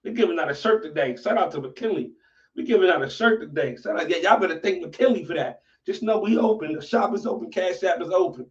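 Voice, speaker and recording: High-pitched, profane livestream host. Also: male voice, brisk, recorded from a distance. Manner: profane, animated, talks to viewers. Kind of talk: casual livestream commentary. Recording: dull lo-fi audio from off-mic.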